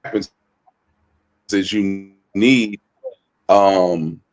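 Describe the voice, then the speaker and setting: Male co-host, low voice, halting delivery full of fillers, phone audio. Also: fairly even intonation. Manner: halting, many fillers and restarts. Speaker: co-presenter. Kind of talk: casual online discussion.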